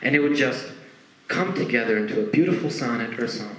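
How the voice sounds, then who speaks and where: Young man doing animated stand-up, echoey. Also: medium pitch, fairly quick. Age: young adult. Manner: conversational, with frequent asides and lively acted quotes. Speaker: stand-up comedian. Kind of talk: stand-up comedy set. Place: stage performance. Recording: roomy echo.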